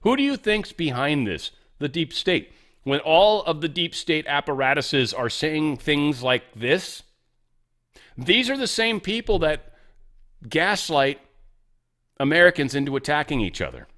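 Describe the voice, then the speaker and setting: A man's voice: a little high, very animated, unhurried, a bit bright. A male host giving sarcastic political commentary, reading headlines aloud and ranting about them.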